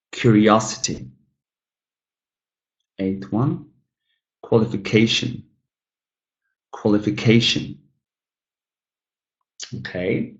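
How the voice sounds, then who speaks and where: A man's voice: on the low side, echoey room, rough recording. A man teaching an English webinar, saying each example word twice and chatting to the learners as guys. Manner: drills each word twice, slow and careful. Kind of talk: webinar lesson.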